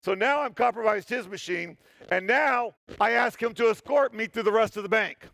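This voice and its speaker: A man telling an animated, joking story during a conference talk on stage, often poking fun at himself. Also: sits high, normal speed, creaky, no room sound. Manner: animated, joking, self-deprecating. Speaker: security tester giving a talk. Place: stage in a hall.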